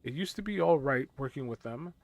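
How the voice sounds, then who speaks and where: A man's voice: mid-range voice, expressive, fairly quick, creaky. A man voicing a weary, grumbling male town guardsman from a game.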